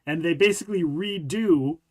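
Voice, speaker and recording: Higher-voiced man hosting a casual podcast. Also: normal speed, a little mellow. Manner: stumbles and rereads while reading aloud. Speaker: podcast host. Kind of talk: casual chat and reading a news article aloud.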